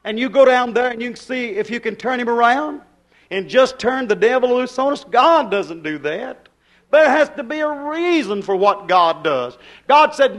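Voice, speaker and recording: A man's voice: extremely high pitch, expressive, normal speed, a bit bright. A man preaching a sermon, hollering at times and driving his points home with emphatic repeated questions.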